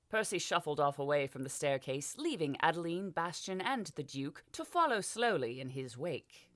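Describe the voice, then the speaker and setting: A woman narrating a fantasy audiobook in an expressive storytelling manner. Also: low voice, moderate pace, few pauses, no echo, clean studio sound.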